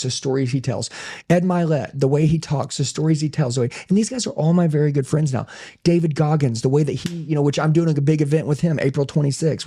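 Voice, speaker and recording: Gravelly, intense male business owner. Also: fairly high pitch, mellow. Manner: intense, emphatic, says "dude" a lot. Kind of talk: casual podcast conversation.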